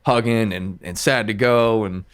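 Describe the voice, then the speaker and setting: A man's voice: fairly low pitch, a little slow, clear, resonant tone. A man who is a music producer, a podcast guest talking in a loose, rambling way with lots of fillers. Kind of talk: casual podcast chat.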